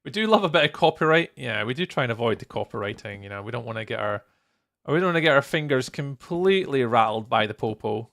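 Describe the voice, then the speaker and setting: This Scottish man talks quickly with lively intonation, his medium-pitched voice creaky and a bit bright. While building in a game on a live stream, he chats casually with viewers, greeting them by name and laughing a lot.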